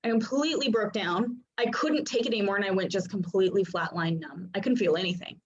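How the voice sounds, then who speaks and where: A woman's voice: mid-range voice, fast talker, lo-fi sound, a little hiss or hum. A woman in her thirties, chatty and full of fillers, teaching from her home office over a video call. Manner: chatty, filler-heavy, laughs often. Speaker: human design coach. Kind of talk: casual teaching talk.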